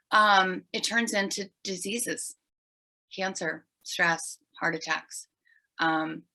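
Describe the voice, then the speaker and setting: A middle-aged woman, a podcast guest, telling her story in an animated, emphatic way. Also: mid-range voice, poor audio. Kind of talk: storytelling in an interview.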